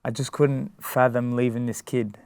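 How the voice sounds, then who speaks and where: Man, boxer, halting casual interview talk, smooth voice, dry close sound. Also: mid-range voice, little pitch movement, a little mellow, no room sound. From Australia. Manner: halting, many restarts and fillers. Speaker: guest, boxer.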